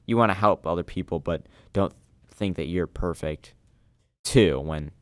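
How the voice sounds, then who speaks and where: Young male podcaster, low and resonant, earnest and rambling. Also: unhurried, no room sound. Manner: earnest, rambling, restarts often. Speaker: podcast co-host. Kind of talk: casual chat.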